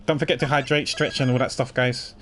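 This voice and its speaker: A man's voice: medium pitch, fairly even intonation, brisk, a bit bright, faint music behind. Chatty laughing male streamer. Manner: chatty, rambling, laughing often. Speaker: streamer playing a game. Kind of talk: casual chat.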